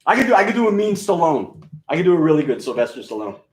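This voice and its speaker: A man's voice: a little high, sing-song, quick pace, darkish tone. New york dj guy rambling and cussing, lots of ums, mixed new york accent, echoey room. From New York, USA. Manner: rambling, profane and joking, with many fillers. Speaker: radio DJ. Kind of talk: casual live-stream chat.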